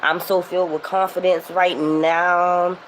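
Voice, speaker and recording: A woman's voice: lowish voice, level tone, unhurried, poor audio. Philly woman doing a spiritual vlog rant, swears a lot, rambles, bit of faint noise behind. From Philadelphia. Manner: emphatic, rambling, swears freely. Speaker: tarot reader.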